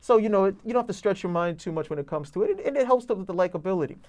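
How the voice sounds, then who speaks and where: A man's voice: sits high, animated, racing, a little mellow. A man reviewing comic books in casual chat, enthusiastic and rambling with lots of fillers.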